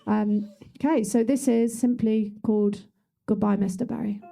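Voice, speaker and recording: A woman's voice: mid-range voice, steady tone, normal speed, creaky, warm tone. A young woman doing musical stand-up comedy, chatty and self-mocking, speaking into a handheld wireless mic in a small club. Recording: live room recording with music and crowd.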